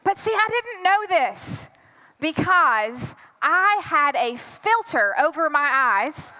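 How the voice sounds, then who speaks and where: A woman pastor tells a personal story from the pulpit, dramatic and animated as she acts out her own panic. Her voice sits very high and sounds bright and forceful. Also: slow, big-room sound. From United States. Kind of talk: storytelling sermon.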